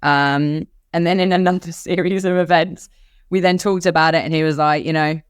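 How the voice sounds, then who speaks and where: A woman in her thirties with an Australian accent, telling a personal story on a podcast in candid, animated chat and acting out the voices of others. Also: deep voice, normal speed, clean tone, dry recording, clean studio sound. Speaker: podcast co-host.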